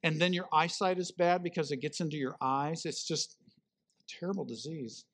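A man preaching a sermon, telling a Bible story in an animated way and acting out the people in it. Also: on the high side, moderate pace. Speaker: pastor.

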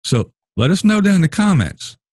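A man's voice: sits high, moderate pace, slightly rough, no room sound. A man hosting a casual commentary chat about a reality show, acting out the lines of people on the show as he talks. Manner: animated, acts out houseguests' lines. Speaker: show host.

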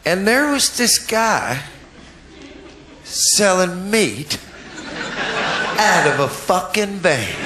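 A man's voice: sits high, big pitch swings, drawn-out words, long pauses, echoey room, background noise. A man doing stand-up, laughing through his lines and swearing, on a stage mic in a live venue. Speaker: stand-up comedian. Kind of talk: stand-up comedy. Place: comedy venue with audience.

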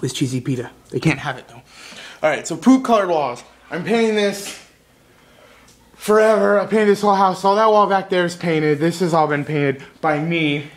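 A man's voice: a little high, normal speed. A young man chatting casually in a home vlog, rambling and goofy, jumping between topics while he eats. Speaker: vlogger.

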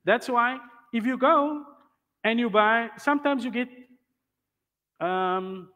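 A man with a high, bright voice lectures a class on Islamic law. He explains patiently and keeps checking that the students follow. The sound carries a long reverb from the hall. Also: slow pace. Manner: explains patiently, checks understanding with rhetorical questions.

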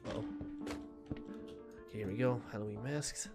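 A man giving excitable let's play commentary, swearing and playing up mock outrage. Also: fairly high pitch, moderate pace, pauses often, music in the background. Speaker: gaming video creator.

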